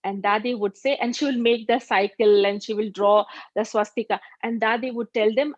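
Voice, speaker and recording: A woman's voice: a little high, steady tone, moderate pace, hardly any pauses, no room sound. A woman giving a spiritual talk, telling anecdotes in a conversational way with rhetorical asides. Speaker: spiritual teacher. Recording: dull, dry recording.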